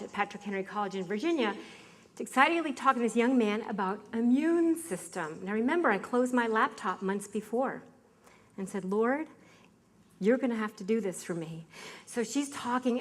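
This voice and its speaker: A middle-aged woman telling a personal story to an audience in a lively, laughing way, acting out the voices she quotes. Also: on the high side. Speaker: speaker telling her health story. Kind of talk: animated storytelling talk to an audience.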